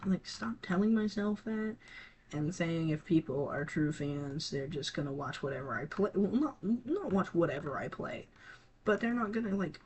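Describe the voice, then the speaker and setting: A teenage gaming creator talking casually to viewers, halting and scattered, with many restarts and trailing thoughts. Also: mid-range voice, a little hiss or hum. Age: teens. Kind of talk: casual rambling talk to viewers.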